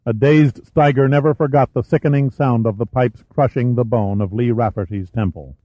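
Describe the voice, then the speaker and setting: Man, audiobook narrator, measured delivery, muffled lo-fi recording. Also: mid-range voice, no echo. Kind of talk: scripted thriller narration. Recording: dry, slightly muffled studio recording.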